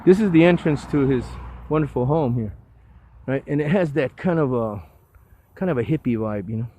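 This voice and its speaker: A man's voice: medium pitch, lively intonation, moderate pace, mellow, low-quality recording. An older man volunteering to clean up litter, giving a rambling, enthusiastic casual walking tour outdoors on a hillside road, full of stumbling restarts.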